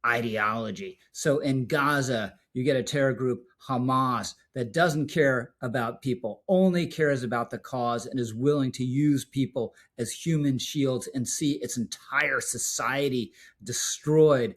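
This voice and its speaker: A man giving scripted political video commentary, measured and emphatic, slowing down to stress key words. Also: mid-range voice.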